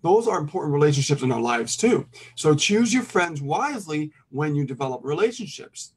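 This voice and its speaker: A middle-aged man giving casual life advice, calm and full of "you know" and "okay" check-ins. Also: a little high, a little fast, husky. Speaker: co-host.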